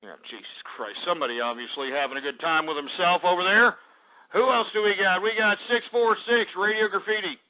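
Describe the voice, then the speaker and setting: A man's voice: sits high, fairly quick. A man hosting a call-in radio show, ranting in an exasperated way, swearing and repeating himself. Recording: tinny phone-line quality.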